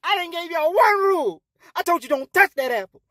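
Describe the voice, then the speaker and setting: Blustering God figure, a man putting it on, high, hollering, lively swings, dry sound. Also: normal speed, dry recording. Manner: high-pitched hollering and scolding in slang. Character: loud, blustering male God, short-tempered. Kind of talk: comedic storytelling.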